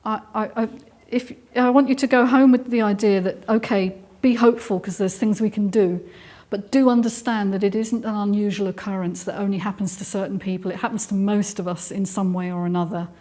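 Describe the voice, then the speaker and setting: A woman's voice: medium pitch, steady tone, fairly quick, hardly any pauses, dark tone. A middle-aged woman with an English accent giving a live talk to an audience, earnest and explanatory, with frequent ums and restarts. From England. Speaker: speaker giving a talk on trauma.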